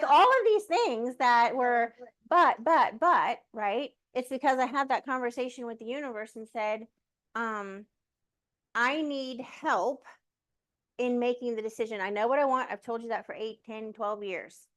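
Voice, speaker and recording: Woman, slightly high voice, chatty storyteller, lots of fillers, acts out dialogue. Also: moderate pace. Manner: animated, many fillers, acts out her talks with the universe. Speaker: guest sharing a personal story. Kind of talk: casual conversational storytelling.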